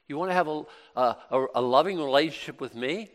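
A man's voice: a little high, a little fast, few pauses, in a large hall. A middle-aged man preaching a sermon in a conversational way, with plenty of rhetorical questions and repeated phrases.

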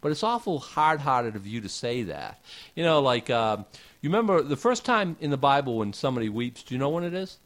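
A man's voice: mid-range voice, very animated, brisk, a bit bright. A man preaching a casual sermon, talking conversationally with rhetorical questions and folksy asides.

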